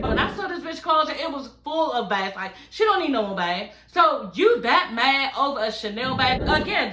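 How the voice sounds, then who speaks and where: A woman with a bright, sharp voice, talking a little high, recaps reality TV in a brash and profane way. She tells it like gossip, all animated. The room around her is echoey. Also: a little hiss or hum. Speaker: recap vlogger. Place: living room.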